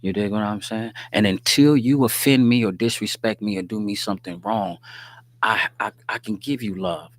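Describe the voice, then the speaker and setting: Man, lowish voice, livestream host, casual faith talk, streetwise slang, preachy, conversational. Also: fairly bright tone. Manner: conversational and preachy, often asks "you dig what I'm saying"; streetwise slang, joking asides with laughter. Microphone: livestream microphone.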